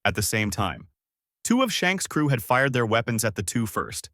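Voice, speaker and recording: A man's voice: mid-range voice, normal speed, no echo. A man narrating a fan-made story for his channel in a casual storytelling voice, close to the mic. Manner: lively storytelling.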